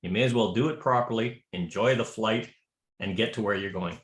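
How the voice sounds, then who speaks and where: A man's voice: lowish voice, brisk. A man teaching square dance calling to a class in a chatty, joking way with many restarts. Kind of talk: presentation to a class of callers. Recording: roomy echo.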